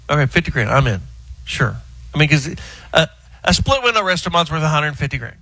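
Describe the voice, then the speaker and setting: Lively man telling a car story. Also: fairly high pitch, fairly quick, no room sound, poor audio. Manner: animated storyteller, drawling and joking. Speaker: car show regular calling in. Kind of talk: casual radio chat by phone. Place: house with sleeping roommates.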